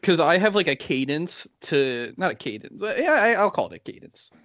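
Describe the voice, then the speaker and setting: A man's voice: on the high side, very animated, normal speed, a bit bright, dry recording. A young man co-hosting a casual podcast with friends, laughing often and restarting his sentences as he rambles. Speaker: podcast co-host. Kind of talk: casual chat.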